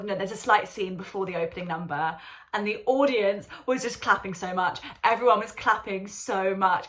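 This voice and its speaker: A woman's voice: medium pitch, fairly bright tone. Gushing young woman vlogger. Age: young adult. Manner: gushing, emotional, lots of fillers. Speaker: drama student vlogger. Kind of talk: casual vlog chat.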